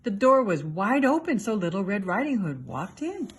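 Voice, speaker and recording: Woman reader, kids' storybook, husky, very lively pitch. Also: normal speed. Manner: expressive, animated reading for children. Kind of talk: storybook read-aloud.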